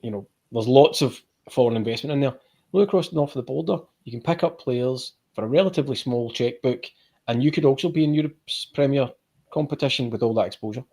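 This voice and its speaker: A man's voice: medium pitch, fast, a little mellow, breathy edge. Chatty man with a sore throat. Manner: chatty, jokey, rambling. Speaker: podcast panelist. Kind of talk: casual football podcast chat.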